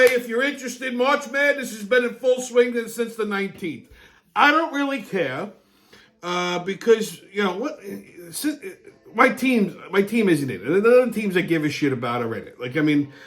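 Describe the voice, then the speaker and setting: A middle-aged man hosting a weekly wrap-up show, ranting crudely and angrily, often breaking into shouts, then reading sports listings in a casual way. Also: sits high. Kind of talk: profane rant and casual show segments.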